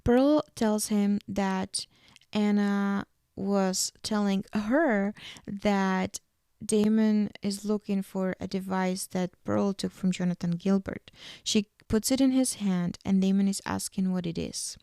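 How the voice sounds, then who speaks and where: A woman's voice: mid-range voice, fairly even intonation, slow pace, mellow, clear, resonant tone, dry recording, studio quality. A woman hosting a podcast, casually retelling a TV episode scene by scene, with fillers and self-corrections along the way. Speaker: podcast host.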